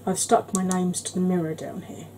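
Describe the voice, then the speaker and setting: A woman hosting a makeup tutorial, chatting in a rambling, conversational way and sometimes dropping into a soft whisper. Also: on the low side, flat delivery, normal speed, a little hiss or hum, rough recording. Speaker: beauty channel host.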